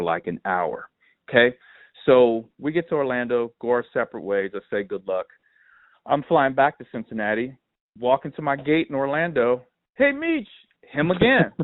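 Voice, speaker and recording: A man's voice: fairly low pitch, dry recording. Man on a tinny phone line, chatty host. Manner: animated storyteller, lots of fillers. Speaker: podcast host. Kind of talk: casual sports chat.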